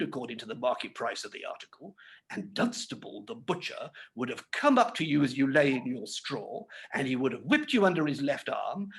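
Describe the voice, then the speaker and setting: A man voicing a pompous, self-righteous older uncle who lectures a boy, in a dramatic reading of classic fiction, booming and emphatic with dramatic rises. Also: fairly bright tone.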